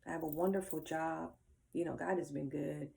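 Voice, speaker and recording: Low gravelly older woman, heartfelt. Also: fairly even intonation, normal speed. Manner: earnest, emotional, with frequent fillers and soft trailing asides. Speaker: vlogger. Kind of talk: personal reflective monologue.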